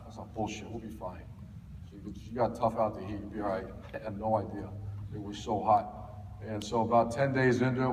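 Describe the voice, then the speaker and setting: A man's voice: lowish voice, a little mellow, recorded from a distance, a little hiss or hum. A middle-aged man from Ohio, a football coach telling folksy stories to a clinic audience, with lots of fillers and restarts. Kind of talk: storytelling talk to an audience. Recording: echoey hall, faint ambience.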